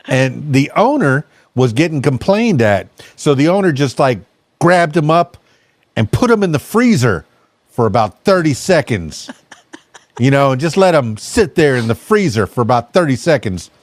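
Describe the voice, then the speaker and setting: A man's voice: mid-range voice, sing-song, dry recording. A man hosting a podcast, chatting casually and rambling with many restarts. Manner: rambling, halting, full of restarts. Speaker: podcast host. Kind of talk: casual chat.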